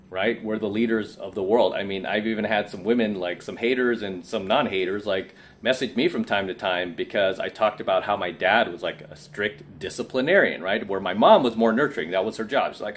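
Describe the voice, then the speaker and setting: A man's voice: fairly low pitch, fairly quick. A tired man giving an assertive, preachy coaching monologue to camera, often asking "right?". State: tired from lack of sleep. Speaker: self-help coach.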